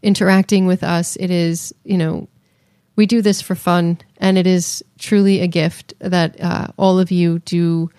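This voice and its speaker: A woman co-hosting a casual podcast, playful and quick to laugh as she reviews a film. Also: fairly low pitch, little pitch movement, mellow, clear, resonant tone, no echo, clean studio sound. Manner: playful, laughs often, breaks into sung bits. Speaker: podcast co-host. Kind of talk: casual chat.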